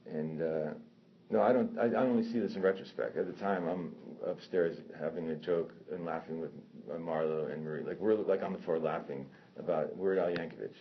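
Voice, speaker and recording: Deep-voiced man, casual profane storyteller who rambles and self-corrects; muffled lo-fi recording. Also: fairly quick. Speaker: storyteller recounting a personal incident. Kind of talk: casual spoken anecdote. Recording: dull lo-fi sound with faint noise.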